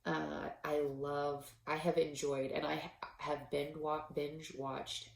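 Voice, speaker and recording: A woman's voice: low voice, little pitch movement, slow, gravelly, echoey room. A woman hosting a knitting podcast, talking casually and getting choked up and laughing between thoughts. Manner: emotional, choked up, laughing often. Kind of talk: casual solo podcast talk.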